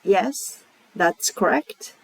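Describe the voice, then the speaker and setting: Woman teacher with a Japanese accent, very slow and deliberate, lively pitch, dry close sound. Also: creaky, husky, no echo, rough recording. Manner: says each example word twice, slowly and carefully. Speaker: language teacher. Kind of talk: slow, clear pronunciation lesson.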